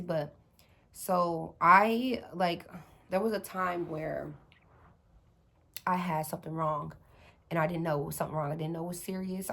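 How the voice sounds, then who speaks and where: A woman in her thirties telling a personal story to her viewers in a casual, chatty way, with many fillers and restarts. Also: on the low side.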